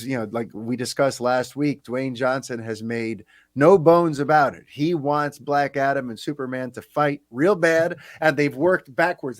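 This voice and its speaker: A man hosting a casual podcast chat, talking in a chatty, animated way with quick asides. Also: on the high side, no room sound, clean studio sound. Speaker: podcast host.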